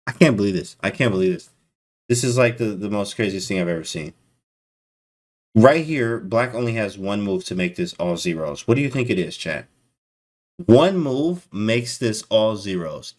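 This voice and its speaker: A man commentating chess live to his stream chat, excitable and disbelieving, talking in casual slang. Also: fairly low pitch.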